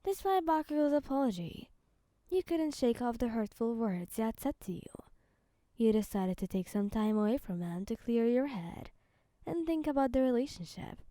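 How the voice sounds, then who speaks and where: A woman narrating a second-person fan story in a soft, calm, even reading voice. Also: fairly high pitch, moderate pace, dry recording, studio quality.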